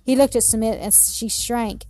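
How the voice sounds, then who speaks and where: A woman narrating a children's story in a gentle, measured reading. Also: fairly high pitch, steady tone.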